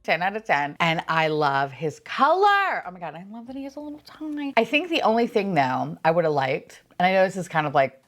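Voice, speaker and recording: A woman chatting casually while unboxing toys, gushing and swearing freely, sometimes dropping into soft whispers. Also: on the low side, sing-song, fairly quick, few pauses, faint music behind. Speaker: unboxing vlogger.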